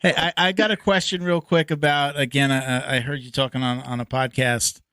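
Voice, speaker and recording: A man's voice: medium pitch, fairly even intonation, moderate pace, sharp tone, clean tone, no echo. A man hosting a podcast, casually asking rambling questions. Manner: laughs often, asks rambling questions. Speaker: podcast host. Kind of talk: casual interview.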